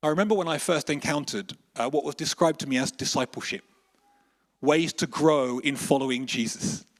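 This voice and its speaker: A man preaching a sermon with animated storytelling, moving between emphatic declarations and hushed, slower moments. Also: fairly high pitch.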